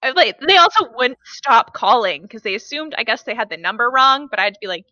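Bright-voiced woman telling stories. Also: medium pitch, normal speed, hardly any pauses, no echo, highs cut off. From foreigner living in Korea. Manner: animated storytelling, acts out quoted replies. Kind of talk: casual chat.

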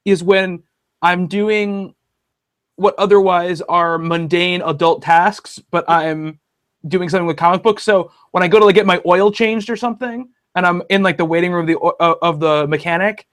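A man with a slightly high voice hosts a relaxed comics chat. He rambles, restarting sentences and piling on fillers as he goes. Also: moderate pace. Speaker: podcast host. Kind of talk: casual chat about comics.

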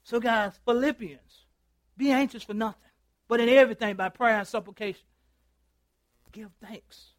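A male pastor preaching a sermon, telling a story and acting out both sides of a phone call, calling for responses from his congregation and swinging from loud to hushed. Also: very high voice, moderate pace, pauses often, dry recording. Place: church.

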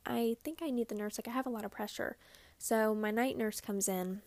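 A woman's voice: on the high side, fairly even intonation, fairly quick, darkish tone, no room sound. A young woman telling her birth story in a chatty, casual way, full of "like" and acted-out quotes. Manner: chatty, lots of "like", acts out quoted lines.

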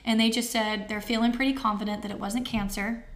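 A woman's voice: fairly high pitch, fairly even intonation, a little fast. A woman in her thirties telling a personal story as an interview guest, candid and heartfelt, with many fillers. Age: 30s.

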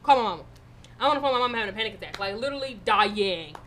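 A young woman co-hosting a podcast, telling a story in a casual way, animated and swearing freely. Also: mid-range voice, racing, slight background noise. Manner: animated, swearing, loud in retold moments. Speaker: podcast co-host.

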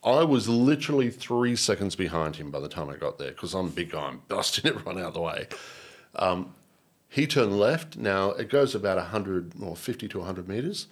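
Deep-voiced with a breathy edge, this Australian man talks a little fast while telling an emotional personal story as an interview guest. He's earnest and animated, and often repeats or restarts his words.

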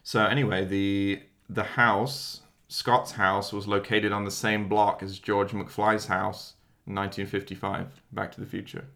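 A man co-hosting a casual movie podcast from home, relaxed and chatty, often correcting himself mid-sentence. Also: lowish voice, a little slow, creaky, hardly any pauses. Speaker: podcast co-host.

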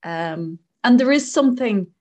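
Thoughtful, expressive woman host. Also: a little high, unhurried. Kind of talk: reflective casual conversation.

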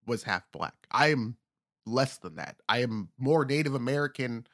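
A man's voice: medium pitch, lively intonation, moderate pace, a bit bright, dry recording, clean studio sound. A man chatting casually on a comedy podcast, rambling and acting out the voices of people he mocks.

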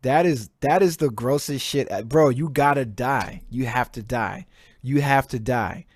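A man's voice: mid-range voice, a little slow, no echo. A man hosting his own podcast in a casual solo rant, swearing a lot and repeating himself as he works himself up, speaking close to a desk mic. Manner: profane, heated, repeats himself. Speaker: podcast host. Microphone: desk mic, virtual background on video.

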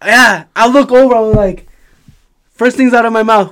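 High-voiced man telling a wild story. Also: moderate pace. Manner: animated, swears a lot, laughs while telling. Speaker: podcast host. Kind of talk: casual storytelling chat.

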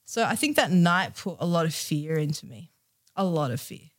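A woman's voice: low-pitched, lively intonation, moderate pace. A young woman from Australia telling a personal story as a podcast guest, candid and emotional, with many fillers.

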